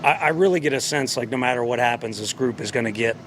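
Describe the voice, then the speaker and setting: A man who manages a baseball team, reflecting after a game in an unhurried way with plenty of fillers. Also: medium pitch, fairly bright tone, a little hiss or hum. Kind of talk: postgame press remarks.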